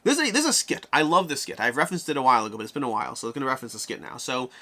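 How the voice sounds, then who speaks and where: A man hosting a live-stream Q&A, answering viewer questions in an animated way and talking his thoughts through out loud. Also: mid-range voice, very fast.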